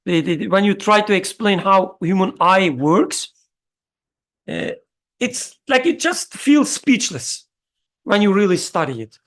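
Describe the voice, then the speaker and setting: A mid-pitched voice, neither high nor low, talks through an idea in a religious study circle. The speaker stops often with fillers and searches aloud for the right word. They pose questions to the group and then answer them. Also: lively intonation. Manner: halting, searches for words, many fillers; questions the listeners and answers itself.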